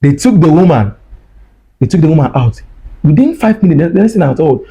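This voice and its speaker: A man's voice: a little high, very animated, brisk, slightly rough, lo-fi sound. A man, telling a personal story in an emotional way, repeating his phrases. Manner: repeats phrases, acts out dialogue. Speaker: guest recounting his ordeal.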